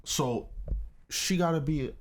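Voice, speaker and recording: A man co-hosting a casual podcast, telling a story with lots of laughs and sudden high-pitched exclamations. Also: a little slow, a little hiss or hum. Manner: animated storyteller, laughs often, breaks into high squeals. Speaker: podcast co-host. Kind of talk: casual chat. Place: New Jersey.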